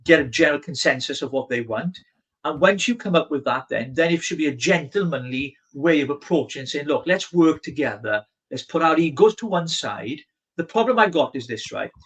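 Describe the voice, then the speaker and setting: A man's voice: a little high, expressive, fairly quick, fairly bright tone, breathy edge, rough recording. A man co-hosting a political podcast, talking bluntly and emphatically. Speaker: podcast co-host.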